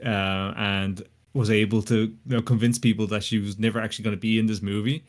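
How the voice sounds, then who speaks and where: A man's voice: lowish voice, little pitch movement, brisk. A man in casual chat who is laid-back and hesitant, with lots of fillers.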